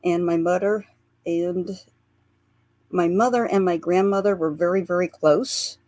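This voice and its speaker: A woman's voice: fairly low pitch, fairly even intonation, measured pace, darkish tone, no echo. A woman, a guest on a radio interview, earnestly recounting memories in a storytelling manner and laughing through the lighter parts. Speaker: guest, psychic portrait artist.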